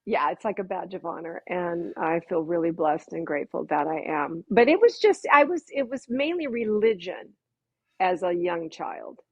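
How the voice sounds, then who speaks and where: Woman guest, husky voice, dry dull call audio, animated storyteller. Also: lowish voice, moderate pace, no echo. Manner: animated, laughs often, acts out her own reactions. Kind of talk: casual conversational storytelling.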